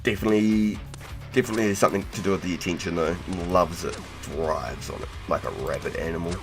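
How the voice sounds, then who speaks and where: A young man with a New Zealand accent talks to his live-stream viewers in a deep, low voice. He is laid-back and slangy and swears freely. Faint music plays quietly behind him. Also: fairly even intonation, fast. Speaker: game streamer. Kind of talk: casual live-stream chat.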